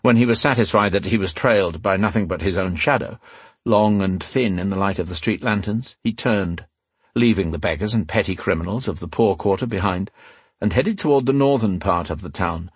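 A man narrating a fantasy novel as an audiobook in a steady, even storytelling manner. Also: low-pitched, moderate pace, husky, dry recording.

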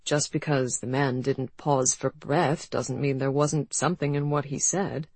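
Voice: medium pitch, normal speed, dry recording, close to an everyday voice. A narrator voicing a whimsical, wealthy young husband who jokes in a mock-solemn way. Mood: playful.

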